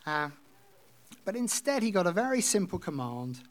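A man's voice: sits high, very animated, normal speed. A man preaching a sermon, reading scripture aloud and explaining it in a conversational way. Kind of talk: expository sermon.

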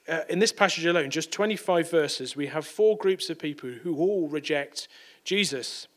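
A man's voice: fairly high pitch, moderate pace. A man preaching a sermon in a conversational way, often repeating and correcting words.

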